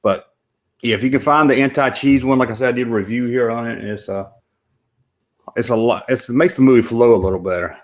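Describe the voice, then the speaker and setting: Talking fast in a medium-pitched voice, this Southern American man hosts a live stream where he rambles casually while reacting to a film.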